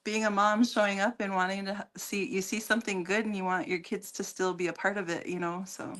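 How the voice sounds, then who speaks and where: A woman talking as a guest on a radio show in a casual, halting way, with many fillers and restarts. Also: mid-range voice, flat delivery, a bit bright. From Minnesota. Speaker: guest, community organization leader.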